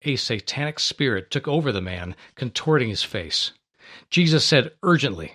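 A man's voice: medium pitch, animated, moderate pace, sharp tone. Man hosting a radio ministry. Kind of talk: scripted radio appeal and Bible reading.

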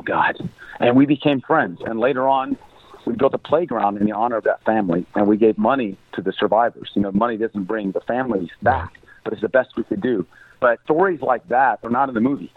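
This is a middle-aged man from the United States, a humanitarian aid worker appearing as a guest and recounting a story in conversation. His mid-range voice has a breathy edge with no echo, the line sounds thin like a phone, and his earnest, devout manner includes praying aloud.

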